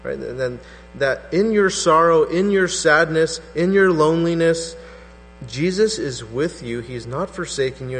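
A man preaching a sermon as pastor, animated and acting out skeptical voices. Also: on the high side, unhurried. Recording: hall reverb with faint mains hum.

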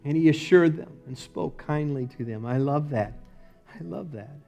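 A male pastor preaching a sermon in a church, moving from loud emphatic lines to low, quiet ones. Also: moderate pace, vocal fry, faint music behind. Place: church sanctuary.

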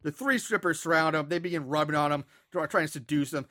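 A man's voice: a little high, quick pace, pushed and bright. A man hosting a podcast, casually retelling a movie plot with frequent laughs and filler words. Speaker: podcast host.

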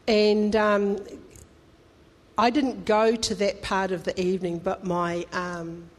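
A woman's voice: medium pitch, level tone, slow pace. A woman pastor, preaching a conversational, emphatic sermon that rises into fervent appeals to the congregation. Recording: long hall reverb.

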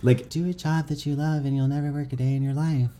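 A man chatting casually as a podcast guest, laughing often, with a camp, drawn-out delivery. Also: on the high side, steady tone, heavy background noise. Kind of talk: casual chat.

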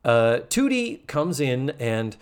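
A man's voice: mid-range voice, big pitch swings, slow, clear, resonant tone. A man co-hosting a podcast, chatting casually as he recaps a sitcom episode and acts out the characters in exaggerated voices. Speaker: podcast co-host.

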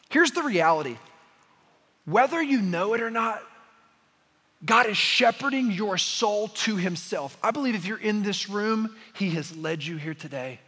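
Young guy pastor preaching, high husky voice, story then fired up, big hall echo. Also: pushed and bright. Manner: storytelling, rising to impassioned preaching. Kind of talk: sermon.

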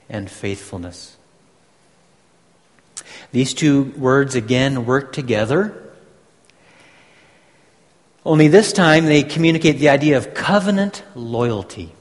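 A man preaching a sermon, teaching slowly and deliberately with emphatic pauses. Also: mid-range voice. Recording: long hall reverb.

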